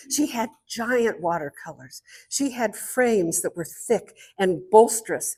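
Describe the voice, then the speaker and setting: An older woman and guest artist speaking to an art club, telling lively stories and showing objects as she talks. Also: medium pitch. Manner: lively storyteller, showing objects while talking. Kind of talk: storytelling talk to an art club.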